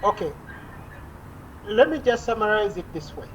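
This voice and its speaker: A woman lecturing an online class over a video call, her voice mid-pitched and ordinary. She explains patiently, pausing often on "uh" and restarting phrases. Faint noise sits under her voice. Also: sing-song, muffled recording. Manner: explanatory, frequent "uh" fillers and restarts.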